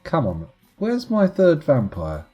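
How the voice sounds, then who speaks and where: A man's voice: fairly high pitch, huge pitch swings, slow, warm tone, breathy edge, dull audio, soft background music. A man streaming live gameplay commentary in a playful, chatty, self-mocking way.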